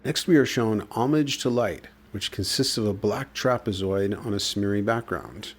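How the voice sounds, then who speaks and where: A man's voice: on the low side, normal speed, breathy edge. A man hosting a podcast, reading his own scripted essay in a wry, sardonic way. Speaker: podcast host.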